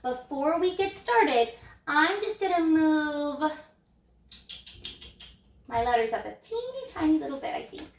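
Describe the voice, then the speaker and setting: A woman teaching an early reading lesson to young children, speaking in an encouraging, sing-song way and modeling letter sounds slowly. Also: sits high, big pitch swings, roomy sound.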